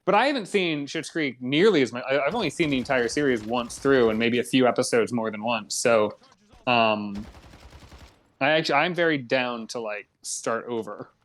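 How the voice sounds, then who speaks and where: A man's voice: mid-range voice, moderate pace, fairly bright tone. A young man co-hosting a casual gaming podcast, a chatty storyteller who acts out both sides of a conversation. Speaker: podcast co-host.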